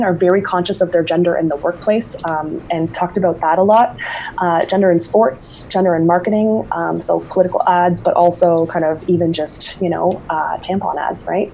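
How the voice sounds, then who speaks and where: Mellow-voiced woman giving an academic talk. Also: on the low side, slight background noise, low-quality recording. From Newfoundland. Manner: casual, many fillers and restarts. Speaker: invited speaker.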